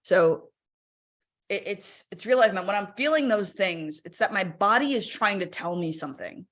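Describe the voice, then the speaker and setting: A woman's voice: mid-range voice, lively intonation, normal speed, a bit bright. A woman speaking casually in a live webinar, chatty and encouraging, often checking in with her audience with "right?". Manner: encouraging, invites audience to use the chat.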